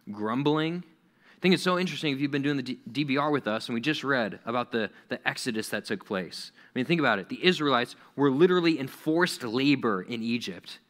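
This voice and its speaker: A young adult man preaching a youth sermon, animated and acting out quoted voices. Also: mid-range voice. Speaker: youth pastor.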